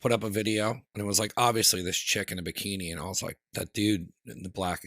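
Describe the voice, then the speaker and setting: A man's voice: on the low side, quick pace, no room sound, clean studio sound. A man producing a podcast, chatting casually and telling stories in a joking way. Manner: joking, animated storyteller. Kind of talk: casual chat.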